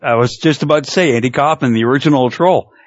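A man's voice: mid-range voice, fast talker, no echo. A middle-aged man in casual chat who laughs often, swears freely and tells stories with energy. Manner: laughs often, profane, animated storytelling. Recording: dull lo-fi sound.

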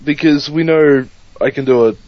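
A man's voice: on the high side, normal speed, dry recording, lo-fi sound. A man co-hosting a casual podcast, dry and wry in his remarks. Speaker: podcast co-host. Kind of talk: casual chat.

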